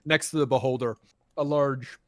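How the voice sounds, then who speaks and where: A man's voice: mid-range voice, steady tone, moderate pace, dry recording. A man running a tabletop game as game master, explaining with hesitant fillers and laughing easily.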